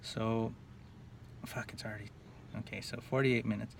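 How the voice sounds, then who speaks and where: Rambling, swearing man, gravelly. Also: fairly low pitch, steady tone, normal speed. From Northern California. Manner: rambling, profane, full of "like" and restarts. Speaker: vlogger telling personal stories. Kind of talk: casual rambling monologue. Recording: distant mic with faint background noise.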